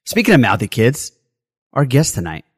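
A man's voice: medium pitch, very animated, normal speed, husky, no room sound, clean studio sound. A man hosting a casual podcast chat, upbeat and effusive, joking with his guests. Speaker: podcast host.

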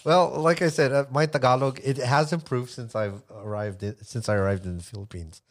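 A middle-aged American man, a musician guest on a podcast, telling relaxed stories and laughing often. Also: medium pitch, a little fast. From United States. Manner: relaxed storyteller, laughs often, swears casually. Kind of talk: casual chat.

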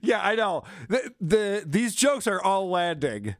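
A man's voice: sits high, sing-song, measured pace, a crowd in the background. A man co-hosting a comedy podcast, chatting casually with sarcastic jokes. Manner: sarcastic, jokey. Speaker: podcast co-host.

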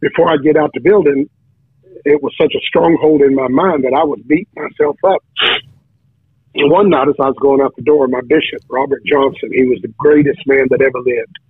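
Fairly quick and medium-pitched with a breathy edge, a man gives his testimony as a guest preacher in a casual storytelling way. He keeps restarting and stammering repeated words, and the dry recording sounds like a tinny phone line.

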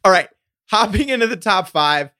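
A man's voice: high voice, lively intonation, normal speed, sharp tone, no room sound, studio quality. A man co-hosting a sports podcast in a wry, conversational way. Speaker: podcast co-host. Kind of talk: casual sports podcast chat.

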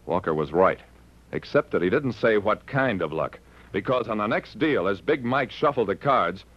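A man's voice: fairly low pitch, normal speed, husky. An actor playing a wry private detective who narrates his own case, in 1940s radio acting. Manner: dry, wry narration with lively delivery. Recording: dull vintage radio recording with faint hiss.

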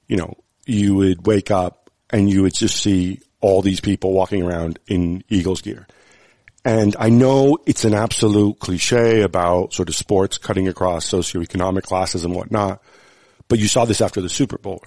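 A man's voice: lowish voice, a little mellow, no echo. A man chatting as a podcast guest, thoughtful and rambling, with frequent restarts and fillers. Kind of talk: casual chat.

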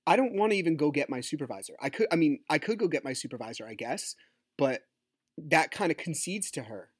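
A man's voice: a little high, expressive, fairly quick, breathy edge, no echo, clean studio sound. A man hosting his own podcast, ranting in an agitated, swearing, rambling way about a custody fight. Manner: agitated, swears, talks over himself. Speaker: podcast host; divorced father. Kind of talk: casual ranting monologue.

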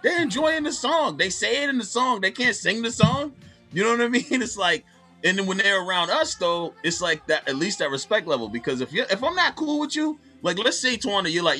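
A man co-hosting a casual chat, telling stories with animated acted-out quotes. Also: high voice, brisk, slightly rough, soft background music.

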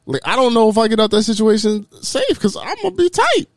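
A man talking in casual chat, animated and swearing freely, acting out quotes with sudden jumps in pitch. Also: fast, no echo, studio quality.

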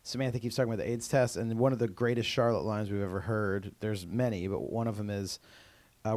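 A man's voice: lowish voice, fairly even intonation, fairly quick, darkish tone, dry recording. A man co-hosting a podcast, chatting casually as he recaps a TV episode, with lots of "um" and "uh" and restarts. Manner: rambling with many fillers and restarts. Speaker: podcast co-host.

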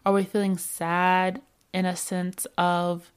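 In a smooth, lowish voice, a woman delivers a slow, reflective motivational talk as a self-help speaker. Her coaching tone stays calm, and she poses many questions to whoever is listening.

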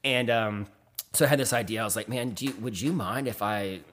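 A man's voice: lowish voice, a little fast, fairly bright tone, a little hiss or hum. A man from Texas, telling stories in a casual, rambling way with lots of fillers, livening up when he quotes others. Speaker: guest artist. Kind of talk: casual storytelling.

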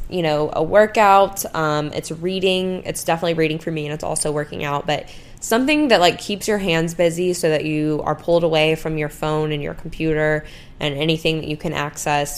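Young woman, low voice with vocal fry, chatty vlogger with lots of fillers. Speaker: lifestyle vlogger. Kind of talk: casual chat.

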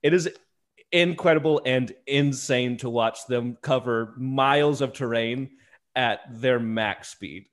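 A man's voice: mid-range voice, slow, fairly bright tone. A man co-hosting a podcast, chatting casually and wryly about a movie. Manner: wry, amused, rambling. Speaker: podcast co-host.

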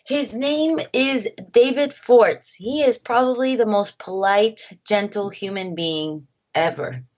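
Animated woman guest, lo-fi sound. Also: mid-range voice, slow. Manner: animated, acts out quotes, laughs often. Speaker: filmmaker guest. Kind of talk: casual interview chat. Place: home.

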